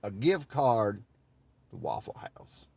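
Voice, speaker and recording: A man's voice: lowish voice, sing-song, slow pace, vocal fry, a little mellow, slightly rough, no room sound, voice pushed down, exaggerated voice. A man doing a folksy drawling southern politician. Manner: folksy, offering a deal.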